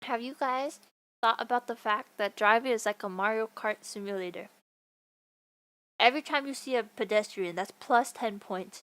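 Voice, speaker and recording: A woman's voice: fairly high pitch, moderate pace, a bit bright. A young woman livestreaming, chatting casually to her viewers in a playful, goofy way with frequent laughter. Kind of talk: casual stream chat.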